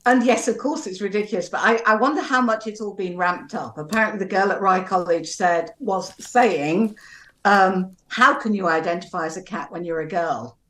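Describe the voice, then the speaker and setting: A woman, an educational psychologist, speaking as a guest in a radio debate in a measured, calm, reasoning way. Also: medium pitch, echoey room.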